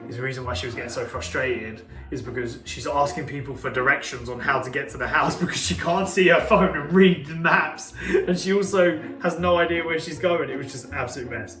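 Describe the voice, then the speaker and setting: Animated man, echoey and off-mic. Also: fairly high pitch, fairly quick, few pauses, recorded from a distance, music in the background. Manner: animated storyteller, acts out dialogue. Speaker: property investor. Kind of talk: casual storytelling vlog.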